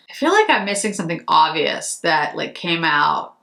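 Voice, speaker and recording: A woman's voice: low-pitched, sing-song, normal speed, gravelly, pushed and bright. A woman beauty vlogger from Massachusetts, chatting casually and rambling a little as she goes through products. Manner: chatty, rambling, self-correcting. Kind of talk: casual chat.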